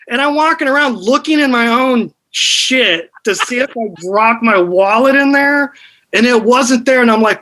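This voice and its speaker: A man in his thirties in casual podcast chat, telling an animated, crude story full of "dude". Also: very high voice, low-quality recording.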